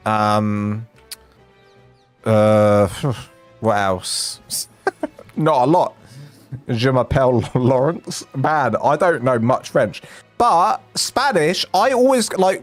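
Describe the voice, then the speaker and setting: A man from England with a lisp, a game streamer telling rambling, self-mocking stories in casual chat. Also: medium pitch.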